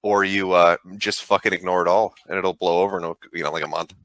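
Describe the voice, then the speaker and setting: Man, low-ish voice, bright, dry recording, profane, rambling. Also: steady tone, quick pace, no echo. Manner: profane, rambling, frank advice. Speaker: online show host. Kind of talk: casual call-in chat.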